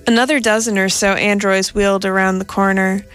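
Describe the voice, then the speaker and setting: A woman reading a first-person story in a steady, measured narration. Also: mid-range voice, faint music behind.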